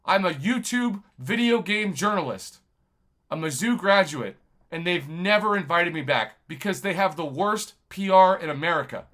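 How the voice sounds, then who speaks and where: A man, a YouTube journalist, talking to camera in a rambling, impassioned monologue full of shout-outs. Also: sits high, animated, normal speed. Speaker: YouTube video game journalist.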